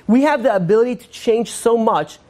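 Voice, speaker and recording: Man, rabbi, casual sermon, rapid delivery, rambling with restarts. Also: very high-pitched, animated, warm tone.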